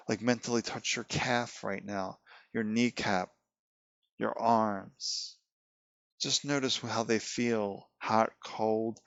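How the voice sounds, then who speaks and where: A man leading a guided meditation, speaking calmly in slow, repeated prompts and questions. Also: medium pitch, no echo, highs cut off. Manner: calm, slow, repetitive guidance with questions. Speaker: meditation teacher.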